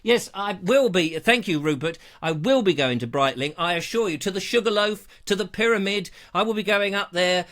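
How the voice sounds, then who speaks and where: A man's voice: high voice, expressive, moderate pace, few pauses, fairly bright tone. A man hosting a live online show, chatting in a playful, jokey, theatrical way. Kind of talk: casual live-stream chat.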